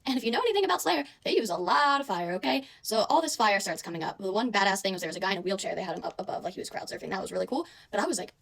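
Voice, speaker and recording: A young adult woman telling a casual, chatty storytime monologue, animated and full of "like" and "I swear". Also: mid-range voice, very fast, creaky.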